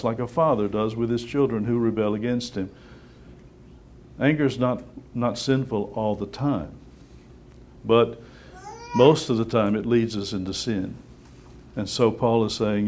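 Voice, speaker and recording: A man preaching a sermon, conversational and lively, firing rhetorical questions and acting out little voices. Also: on the low side, slight background noise.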